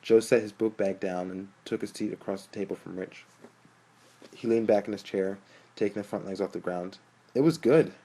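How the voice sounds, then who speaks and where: A man narrating a novel in a steady storytelling manner. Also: deep voice, moderate pace, poor audio. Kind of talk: audiobook narration.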